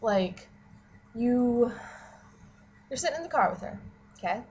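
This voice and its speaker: A woman's voice: fairly high pitch, animated, measured pace, a little mellow, highs cut off, a little hiss or hum. A young woman, a college student, ranting casually to camera, swearing and saying "like" constantly. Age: young adult. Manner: profane, heavy use of "like", exasperated.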